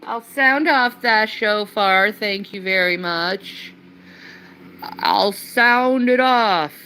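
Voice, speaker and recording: A woman talking excitedly about religious signs, drawn-out and whooping. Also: medium pitch, slight background noise, poor audio.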